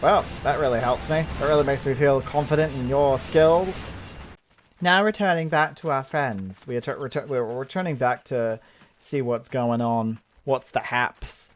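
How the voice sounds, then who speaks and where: A man's voice: mid-range voice, moderate pace, a little hiss or hum. A man doing a casual let's-play commentary, rambling and giggling, mocking himself as he plays, with game music behind. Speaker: gaming channel host.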